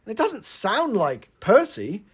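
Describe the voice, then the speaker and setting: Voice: medium pitch, sing-song, normal speed. A podcast co-host telling a comedic story in casual chat, giggling and rambling with lots of fillers.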